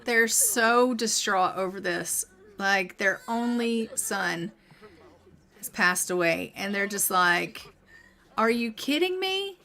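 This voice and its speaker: Playing through her game, this woman streamer speaks slowly in a mid-range, bright, forceful voice. She's chatty with her audience, reads the on-screen text, and now and then performs the characters' lines.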